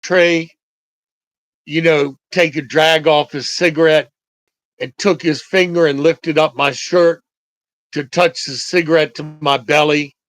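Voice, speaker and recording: An older man tells his stories at an unhurried, deliberate pace, his voice sitting a little high for a man. He speaks reflectively and pauses often. The recording is dry and close, with no room sound. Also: fairly even intonation, fairly bright tone, no room sound, rough recording. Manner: slow, reflective, halting delivery with pauses. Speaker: storyteller. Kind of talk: personal storytelling.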